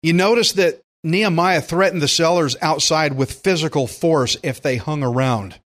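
Folksy older male pastor, higher voice. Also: normal speed, a bit bright. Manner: folksy and emphatic, acts out quotes. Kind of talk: verse-by-verse Bible teaching.

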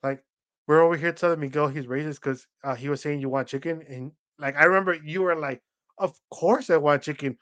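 Rambling higher-voiced male podcast co-host. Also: fast talker, a bit bright. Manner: rambling storyteller, acts out quoted voices, many "like" fillers. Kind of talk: casual chat.

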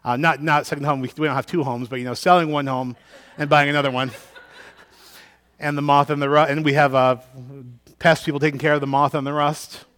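A man's voice: on the high side, flat delivery, brisk, a bit bright. A middle-aged man preaching a sermon as pastor, reading scripture and then telling self-deprecating stories in a conversational way, with frequent restarts.

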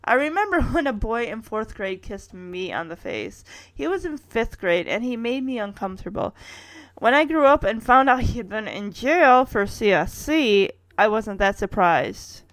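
Woman, thirties, casual recap host, animated and wry, chuckles through asides. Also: medium pitch, dry recording. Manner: wry personal asides, chuckling while narrating. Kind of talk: casual episode recap narration.

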